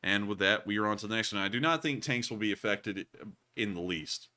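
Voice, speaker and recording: A young man in his twenties with a Southern US accent, co-hosting a casual livestream and answering viewer questions, jokey and quick to laugh. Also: on the low side. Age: 20s. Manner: jokey, excitable, laughs often. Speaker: co-host of a war news show. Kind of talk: casual livestream chat answering super chats.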